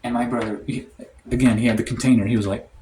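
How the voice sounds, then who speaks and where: A man telling a comic story in a rambling, deadpan way, full of "like" and "um". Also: mid-range voice, fast, slight background noise. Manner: rambling, heavy on "like" and "um". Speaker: storytime comedian. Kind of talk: comedic storytime monologue.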